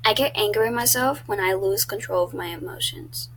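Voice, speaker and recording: A woman's voice: medium pitch, a little fast, fairly bright tone, a little hiss or hum, poor audio. A teenage girl chatting casually on her own vlog, blunt and talkative, swearing often. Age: teens. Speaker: YouTuber.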